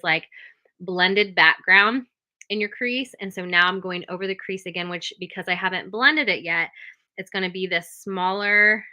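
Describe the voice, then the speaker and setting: Bright-voiced woman teaching makeup. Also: on the low side. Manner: steady step-by-step instruction, frequent "okay?" check-ins. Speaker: makeup tutor. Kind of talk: makeup tutorial.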